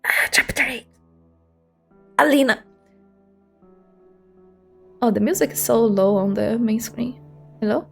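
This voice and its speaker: A woman's voice: a little high, measured pace, creaky, pauses often. A young woman streaming a game, chatting casually and self-deprecating, with some swearing. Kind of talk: casual gaming stream chat. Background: game music.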